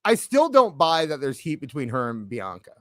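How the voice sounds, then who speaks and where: A man chatting on a live-stream panel, rambling and hedging as he talks. His voice bounces up and down and sits a bit high, recorded dry and close. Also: wildly swooping pitch, normal speed, no echo. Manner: rambling, hedges and restarts. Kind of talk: casual live-stream chat.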